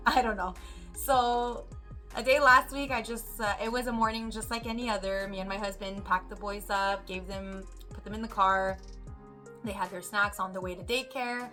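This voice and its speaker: A woman's voice: medium pitch, moderate pace, faint music behind. A woman, a mother, casually telling a story to camera and animatedly acting out what others said. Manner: animated, acts out quoted voices. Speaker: mother vlogger.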